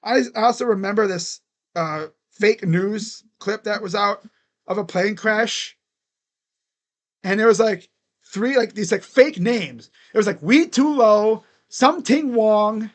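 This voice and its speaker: A man's voice: high voice, a little slow. A young man doing casual live play-by-play of a baseball game, chatty and given to chanting and laughing. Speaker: live reaction play-by-play host.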